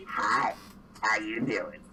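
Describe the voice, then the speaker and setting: A man voicing a crude, lecherous male mimic disguised as a chair, swearing and sleazy, a little lower than his own voice. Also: steady tone, slow pace, a crowd in the background. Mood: leering.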